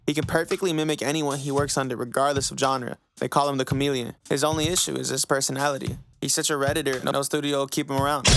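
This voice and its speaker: A man's voice: on the high side, fairly bright tone. A young man casually recapping a manga in a chatty, slangy, joking way. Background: faint music.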